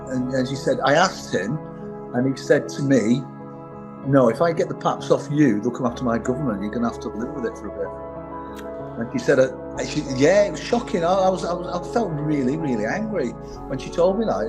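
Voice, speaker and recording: Earnest man recounting stories. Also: medium pitch. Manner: earnest, recounts events with lots of quoted dialogue. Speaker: podcast guest, former bodyguard. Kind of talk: personal storytelling in a podcast interview.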